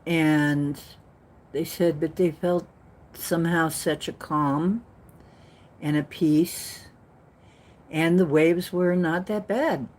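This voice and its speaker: Female host, slow and low-pitched, earnest rambling spiritual storyteller. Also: fairly even intonation, a little mellow. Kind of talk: casual spiritual talk.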